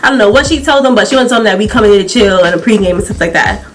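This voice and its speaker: A young adult woman vlogger in a casual storytime, chatty and animated, often breaking into laughter. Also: mid-range voice, rapid-fire.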